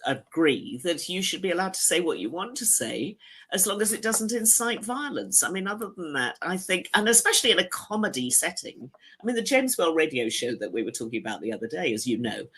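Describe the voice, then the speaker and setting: A woman reviewing television shows in casual chat, lively and talkative, laughing easily. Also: low-pitched, slightly rough. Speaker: screen critic.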